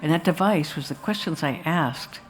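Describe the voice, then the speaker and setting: A woman's voice: deep voice, moderate pace, slight background noise. A woman filmmaker speaking to an audience after a screening, rambling and anecdotal with restarts and asides. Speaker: filmmaker talking about her film. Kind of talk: live post-screening talk to an audience. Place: festival talk before an audience.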